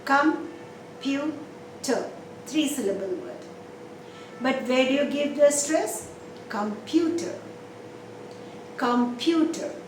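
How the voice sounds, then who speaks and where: A woman teaching English pronunciation, asking questions and answering them herself, and repeating example words slowly. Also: high voice. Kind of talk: pronunciation lesson. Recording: echoey room, mic a bit distant, faint noise.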